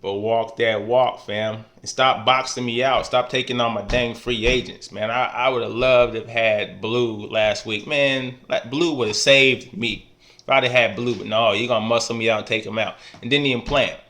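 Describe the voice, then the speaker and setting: A man talks trash in a loose, easygoing video message. His voice is bright and pushes forward. He teases his friends playfully and caps almost every phrase with "man". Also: mid-range voice, fairly even intonation, moderate pace, slight background noise. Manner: laid-back, ends nearly every phrase with "man"; teasing, playful ribbing. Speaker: fantasy football league member. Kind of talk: casual trash-talk vlog.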